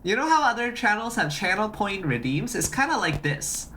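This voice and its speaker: Excitable streamer on desk mic, bouncy pitch, keeps repeating phrases. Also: moderate pace, a little hiss or hum. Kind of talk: casual live-stream chat demoing a project.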